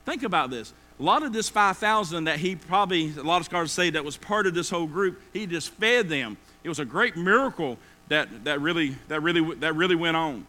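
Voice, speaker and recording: A man's voice: on the high side, expressive, brisk, pushed and bright. A man preaching a sermon, folksy and acting out everyday complainers. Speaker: pastor.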